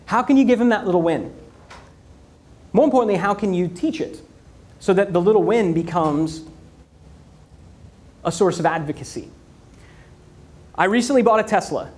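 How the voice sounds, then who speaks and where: High-voiced, animated male keynote speaker. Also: normal speed, long pauses. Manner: animated storytelling with rhetorical questions and repetition. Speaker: conference speaker. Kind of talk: energetic business keynote.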